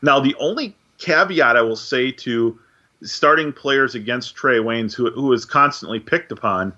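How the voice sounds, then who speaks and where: A man co-hosting a casual sports podcast, talking through picks in a measured, analytical way with frequent fillers. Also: medium pitch, sharp tone, dull audio. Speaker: podcast co-host.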